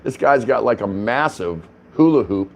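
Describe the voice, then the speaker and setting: Male vlog host, lowish voice, rambling conversational delivery, home recording with a faint background hum. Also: lively intonation, normal speed. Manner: rambling, chatty, frequent restarts and fillers. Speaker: vlogger host. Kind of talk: casual talking-head vlog. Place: apartment indoors.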